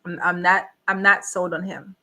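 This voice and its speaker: A woman's voice: lowish voice, flat delivery, moderate pace, pushed and bright. A woman hosting a live reality show review, talking bluntly and asking the same rhetorical questions again and again. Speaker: reaction host. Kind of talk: casual live review commentary.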